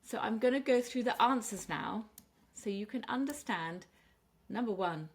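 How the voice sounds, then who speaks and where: A woman teaching English pronunciation and word stress, speaking clearly and deliberately, slowing down on the example words. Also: on the high side, expressive. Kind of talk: pronunciation lesson.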